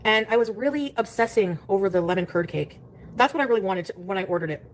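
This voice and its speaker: A woman's voice: mid-range voice, animated, quick pace. A woman streamer in a played clip, rambling crudely and complaining in a casual monologue.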